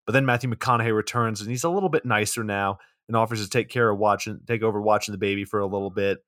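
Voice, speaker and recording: A man's voice: lowish voice, quick pace, a bit bright, dry recording, clean studio sound. A man hosting a podcast, casually recapping a film in a loose, profane way full of filler words. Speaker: podcast host.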